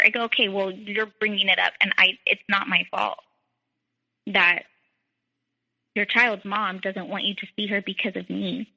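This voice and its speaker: This young podcast guest uses a steady, creaky mid-range voice at normal speed, bright and forceful, with long pauses. Recounting her own story, she quotes others in dialogue and uses "like" often. The recording is dull and lo-fi, with a long reverb tail.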